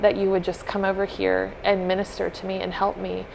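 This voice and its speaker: A woman co-hosting a podcast, telling a heartfelt story in an earnest, casual way and softly acting out what people said. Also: medium pitch, monotone, brisk, creaky, background noise. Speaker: podcast co-host.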